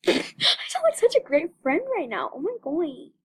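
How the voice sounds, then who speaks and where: A woman's voice: high voice, wildly swooping pitch, normal speed. A young woman hosting her gaming channel, chatting casually and dramatically over gameplay, repeating phrases.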